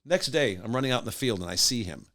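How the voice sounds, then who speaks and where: An older man spins a long anecdote in a relaxed conversation. His voice rises and falls widely as he slips into the voices of the people he quotes. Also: medium pitch, fast. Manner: animated anecdote teller, acting out voices of others. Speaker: podcast guest, musician and radio host. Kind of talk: casual storytelling.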